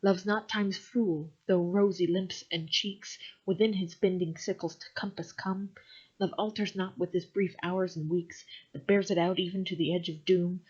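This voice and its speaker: A young woman with a somewhat low, breathy-husky voice recites verse and then breaks into wry, self-mocking commentary. The sound is muffled and lo-fi, like a simple home recording. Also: fairly even intonation, normal speed, a little mellow. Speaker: vlogger. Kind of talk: reading sonnets aloud with casual commentary.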